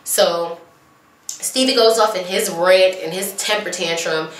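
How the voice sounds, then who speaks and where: A woman's voice: on the low side, a little slow, recorded from a distance. Sassy woman recapping in an echoey bathroom. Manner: sassy, animated, acts out quotes in mocking voices. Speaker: vlogger recapping a TV show. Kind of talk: casual chatty recap. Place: small bathroom at home.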